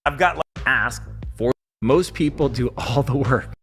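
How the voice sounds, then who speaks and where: A man's voice: medium pitch, a little slow, over music. A man giving a motivational business talk on selling, acting out little scenes with quoted voices. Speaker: sales and business speaker.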